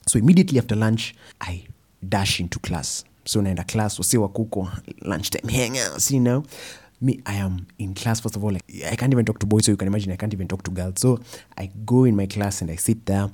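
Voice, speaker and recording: Husky young Kenyan man telling a story. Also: lowish voice, a little fast. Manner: animated storytelling, mixing in Swahili phrases. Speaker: speaker. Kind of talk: personal storytelling talk.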